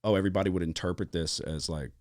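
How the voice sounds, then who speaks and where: Low-voiced, profane podcast host. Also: male voice, fast talker, dry recording, clean studio sound. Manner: profane, animated storytelling. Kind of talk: casual sports-betting podcast chat. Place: studio.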